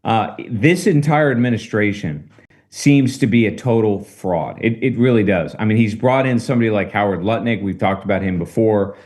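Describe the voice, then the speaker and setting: A man talking through current politics in a casual discussion, measured and emphatic, with rhetorical questions. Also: on the low side, darkish tone. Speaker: political commentator.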